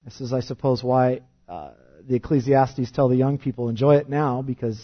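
A man's voice: medium pitch, moderate pace. Impassioned man preaching, muffled recording. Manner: impassioned, swells loud on scripture then drops soft. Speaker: pastor. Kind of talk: sermon.

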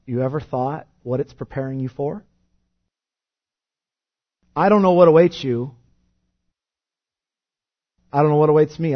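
Impassioned man preaching, muffled recording. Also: fairly high pitch. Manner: impassioned, swells loud on scripture then drops soft. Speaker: pastor. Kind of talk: sermon.

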